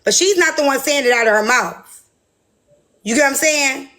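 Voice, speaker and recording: A woman's voice: sits high, moderate pace, pushed and bright. A woman hosting a livestream in casual chat, brash, profane and defiant. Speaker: livestream host.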